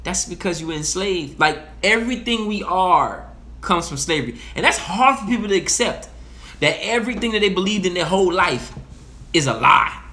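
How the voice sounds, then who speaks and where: Bright, forceful man talking passionately. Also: sits high, animated, moderate pace. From Haiti (heritage). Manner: passionate, profane, repeats himself. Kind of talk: casual monologue.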